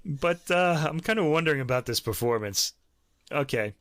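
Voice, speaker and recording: A man's voice: on the high side, animated, normal speed, fairly bright tone, no echo, studio quality. A man in his fifties with a New York accent, hosting a casual podcast and reviewing classical recordings in a chatty, hesitant way. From New York City. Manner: chatty, hesitant with many ums and restarts, laughs often. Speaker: podcast host. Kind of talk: casual music review chat.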